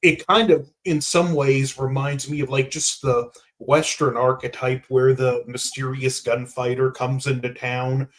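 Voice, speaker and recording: A male guest on a film podcast who speaks in a reflective, easygoing way. He pads his thoughts with casual fillers as he works through his ideas. His voice sits in an average middle pitch. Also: level tone, unhurried, hardly any pauses, poor audio. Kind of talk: casual film review chat.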